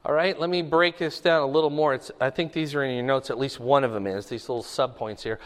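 A man's voice: mid-range voice, fairly even intonation, fast, in a large hall. A man preaching a conversational sermon to a congregation, often checking that listeners follow him. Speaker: pastor. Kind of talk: sermon teaching.

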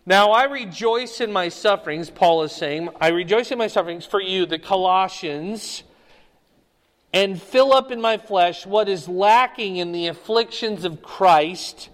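A man's voice: high-pitched, a little slow, a bit bright. Emphatic man teaching in a reverberant hall. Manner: emphatic, repeats key words and checks in with "okay?". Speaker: Bible teacher. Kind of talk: Bible study teaching.

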